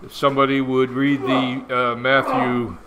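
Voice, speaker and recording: A man in his sixties leading a church Bible study, talking in a relaxed, rambling, folksy way. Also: medium pitch, measured pace. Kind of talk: casual group Bible study talk. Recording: noisy room recording.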